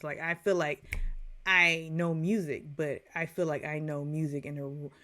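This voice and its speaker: A woman in her forties giving a casual, chatty movie review, full of digressions and playful asides. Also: lowish voice.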